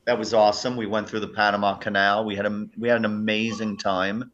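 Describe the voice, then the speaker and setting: A male comedian guest telling stories in an energetic, casual chat. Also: fairly low pitch, fairly quick, muffled recording. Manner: energetic anecdote telling, frequent restarts.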